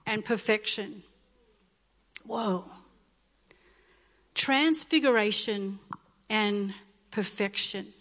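High-voiced woman preaching in a reverberant hall. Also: fairly bright tone. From Australia. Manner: impassioned, repetitive preaching with rising emotional bursts. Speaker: pastor. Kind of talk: sermon. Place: church hall.

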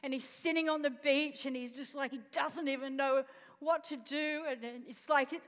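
A woman's voice: high voice, steady tone, normal speed. A woman pastor preaching a sermon, telling a story expressively and putting questions to the congregation. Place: church auditorium. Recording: long reverb in a church hall.

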